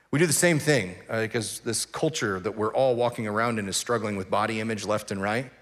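A pastor preaching a sermon, animated and acting out the voices of grumbling people. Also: male voice, medium pitch, quick pace, few pauses. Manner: animated, acts out voices of complainers.

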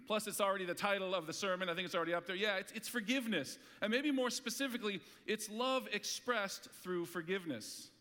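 A man's voice: high-pitched, brisk, bright, forceful tone, big-room sound. A man preaching a sermon as pastor, talking conversationally with rhetorical questions and light humor. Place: church hall.

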